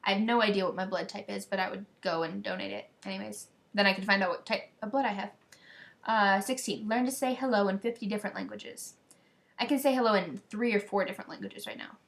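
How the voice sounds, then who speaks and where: A woman's voice: mid-range voice, gravelly. Bubbly rambling American teen girl. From United States. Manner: excited, rambling, scattered. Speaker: vlogger. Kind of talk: casual chat to camera.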